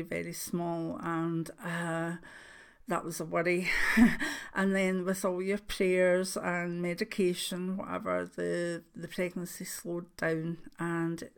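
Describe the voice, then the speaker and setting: Older Scottish woman, a vlogging gran, gravelly voice, rambling and emotional chat. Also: on the low side. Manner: warm, rambling, emotional, with soft laughs. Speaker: spiritual channel host. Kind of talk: casual chat to camera.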